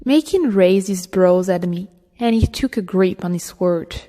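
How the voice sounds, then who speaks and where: A woman narrating an audiobook in a slow, deliberate way. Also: fairly low pitch, animated, warm tone. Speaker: audiobook reader. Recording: reverberant room.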